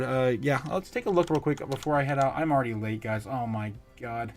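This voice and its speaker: A man hosting a casual livestream, chatting and reading viewer comments aloud in an excitable, laughing way. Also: a little high, very noisy. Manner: chatty and excitable, quick laughs and bursts of loudness. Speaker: livestream host.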